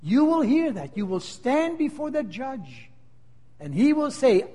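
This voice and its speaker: A man preaching a sermon, dramatic and emphatic, swinging between bursts of fervor and hushed appeals, often repeating words as he restarts. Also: extremely high pitch, big pitch swings, a little slow. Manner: dramatic, rising to emphatic outbursts and dropping to near-hushed appeals. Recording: long hall reverb.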